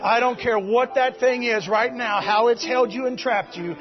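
A man preaching a fervent sermon at a church service, shouting exhortations and calling out to the congregation. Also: very high voice, moderate pace, lo-fi sound, music in the background. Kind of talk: Pentecostal-style sermon.

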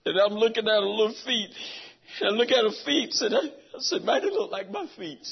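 A middle-aged man preaching a sermon, telling a personal story with great emotion, dropping to a hush and rising to shouts. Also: high-pitched, animated, fairly quick, creaky, husky. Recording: dull lo-fi recording.

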